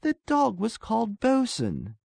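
A man reading a story aloud, voicing a wistful, lonely young woman in a raised, breathy voice. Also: high voice, very animated, normal speed, a little mellow, no room sound, pitched above the performer's own voice, heavily acted. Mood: delighted.

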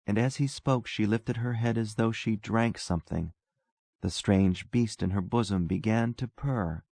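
Male narrator, gravelly, mid pitch, dry recording, measured storytelling. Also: darkish tone, no echo. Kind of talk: scripted narration.

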